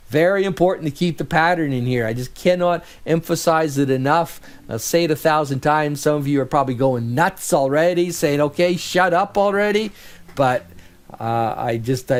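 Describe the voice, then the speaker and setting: A man in middle age delivering a recorded lecture, his pitch leaping up and down as he works through the steps. He sits a little higher than most men and keeps a chatty, thinking-aloud tone, often pausing to check that students are following. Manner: animated, conversational, thinks aloud with rhetorical checks. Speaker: instructor.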